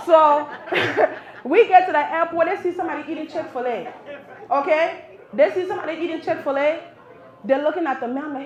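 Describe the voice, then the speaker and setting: A woman doing a stand-up comedy set in a live cafe, animated and talking straight to the crowd. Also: sits high, brisk. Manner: animated, talks to the crowd, playful teasing. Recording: roomy live venue sound.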